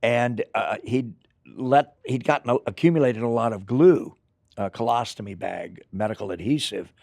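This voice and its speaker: An older man, an actor, telling rambling, animated stories in an interview, with acted asides. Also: medium pitch, normal speed, vocal fry, no room sound, clean studio sound. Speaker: actor guest. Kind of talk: anecdotal interview storytelling.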